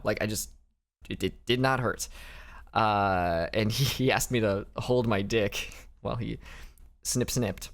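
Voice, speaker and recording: A young adult man narrating a casual recovery diary vlog, candid and rambling, often breaking off with small laughs. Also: fairly low pitch. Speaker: vlogger.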